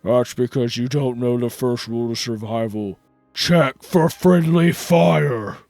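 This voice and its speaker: A man playing a gruff brute who speaks of himself in the third person, with a seething, blunt delivery. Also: fairly high pitch, slow, darkish tone, no echo, faint music behind.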